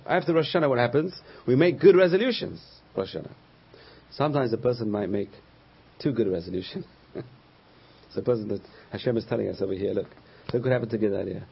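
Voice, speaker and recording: Male rabbi, husky voice, storytelling lecture that acts out quotes; lo-fi recording. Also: fairly low pitch. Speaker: rabbi teaching a class. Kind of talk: Torah class lecture.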